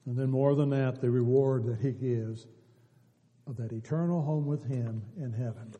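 Man preaching with a dark, echoing voice. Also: mid-range voice, moderate pace, muffled recording. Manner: rising to emphatic exhortation, repeating phrases. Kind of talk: sermon. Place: church sanctuary. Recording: church hall reverb.

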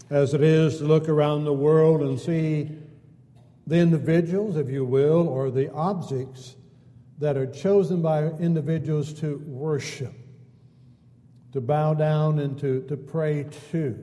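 Mellow-voiced preacher in a reverberant church. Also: male voice, on the high side. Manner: repetitive, building phrases with folksy asides. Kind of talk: sermon. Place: church sanctuary. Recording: long church hall reverb.

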